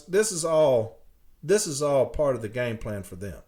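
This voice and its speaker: A man's voice: medium pitch, sing-song, measured pace, a little mellow. A man hosting a podcast, ranting in an angry, emphatic way and swearing. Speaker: podcast host. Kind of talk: ranting monologue.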